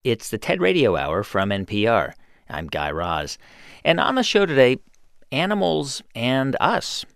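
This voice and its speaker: A man's voice: medium pitch, huge pitch swings, a little slow, creaky, a bit bright, smooth, no room sound, clean studio sound. A man hosting a radio show, asking questions in a curious, conversational way. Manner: inquisitive, conversational. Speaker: radio host. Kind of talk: radio interview and narration.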